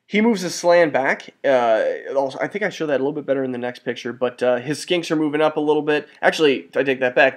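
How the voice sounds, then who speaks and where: A man at an ordinary pitch talks through a tabletop wargame battle report, walking a listener through photos one turn at a time. His delivery is loose and excitable: he trails off, restarts sentences, corrects his own notes and throws in mild curses and exclamations. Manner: rambling and excitable, often restarts and corrects himself. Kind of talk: casual play-by-play narration over photos.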